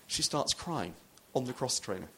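A man's voice: medium pitch, animated, moderate pace, sharp tone, slight background noise. A man, a pastor, preaching a sermon in a loose, conversational storytelling way with frequent restarts.

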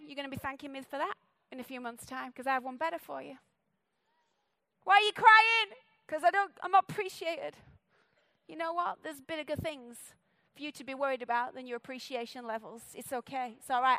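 A woman preaching a sermon in a church. She talks fast and sounds playful and full of energy. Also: high-pitched, fairly bright tone, no echo. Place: church stage.

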